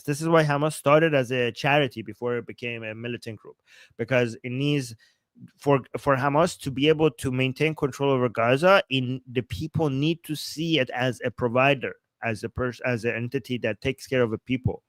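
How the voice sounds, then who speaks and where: A man from Iran, hosting a live-streamed political commentary, reading chat aloud with a sarcastic, animated manner and frequent laughs. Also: mid-range voice, moderate pace, no room sound. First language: Persian. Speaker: political commentator and livestream host.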